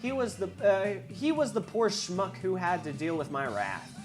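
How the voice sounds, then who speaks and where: A woman's voice: on the low side, big pitch swings, moderate pace, music in the background. Wry woman reading a game aloud. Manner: wry, with asides and self-corrections. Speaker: game reader. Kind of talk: reading a visual novel aloud.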